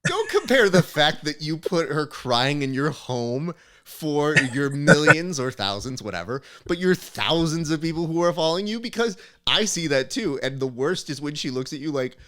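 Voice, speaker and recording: A man's voice: on the high side, sing-song, moderate pace, few pauses, background noise. A man hosting a podcast, teasing his guest in casual chat and asking long, winding questions. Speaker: podcast host.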